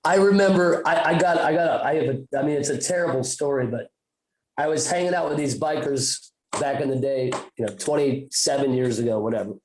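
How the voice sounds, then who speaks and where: A man's voice: mid-range voice, a little fast, a little mellow, roomy sound, rough recording. A man telling a story on a podcast in a casual, profane, rambling way with many restarts. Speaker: podcast co-host.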